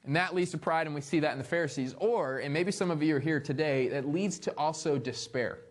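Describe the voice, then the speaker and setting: Animated, fairly high-voiced man preaching. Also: fairly quick. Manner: animated, playful asides between scripture readings; reads scripture aloud then comments. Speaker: pastor. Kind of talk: sermon.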